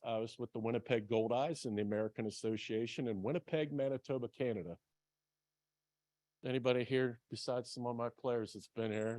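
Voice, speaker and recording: A man's voice: medium pitch, a little mellow, no room sound. A man in his forties, a baseball manager, giving an earnest, plain-spoken talk to a club audience, with many ums. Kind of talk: personal speech to a club audience.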